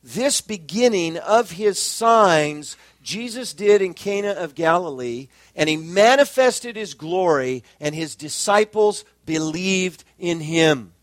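A man preaching an expository sermon, measured and emphatic, slowing down to stress key phrases. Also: sits high, expressive, no room sound. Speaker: pastor.

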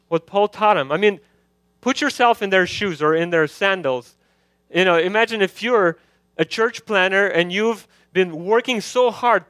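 A man's voice: sits high, a bit bright, clear, resonant tone, no room sound. A man preaching an evening sermon, opening with a prayer and then explaining the passage in an earnest, urgent way with frequent fillers.

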